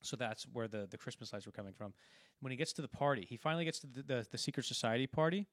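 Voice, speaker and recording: A man's voice: medium pitch, quick pace, no room sound, clean studio sound. A man co-hosting a film podcast, casually retelling movie scenes in a rambling way with many restarts. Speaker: podcast co-host.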